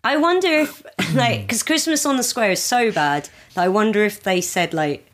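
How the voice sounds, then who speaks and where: This UK comedian is a guest on a relaxed podcast, speaking from overseas, far from the hosts. She talks at normal speed with few pauses in an expressive, medium-pitched voice, laughing frequently and breaking into funny film-character voices.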